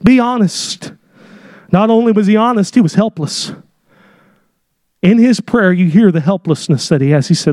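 A man preaching a sermon in a church, speaking in an emphatic, impassioned way that swells into shouts, with direct, folksy wording. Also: sits high, moderate pace, pauses often, dry recording, clean studio sound. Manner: folksy, direct, with casual slang. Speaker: pastor. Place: church sanctuary.

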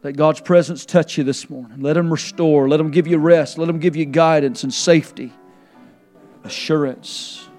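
A man preaching a sermon to his church, his voice sitting a little high for a man. He builds to a near shout when quoting scripture and sinks to a soft, low tone as he leads the congregation in prayer. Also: fairly even intonation, normal speed, faint music behind. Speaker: pastor. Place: church sanctuary.

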